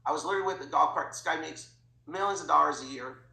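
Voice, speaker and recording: A man talking as a guest in an interview, telling stories in an animated way and acting out the dialogue. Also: a little high, fast talker, creaky, roomy sound, low-quality recording. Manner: animated, acts out quoted dialogue. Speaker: podcast guest, financial educator. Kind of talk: energetic storytelling interview.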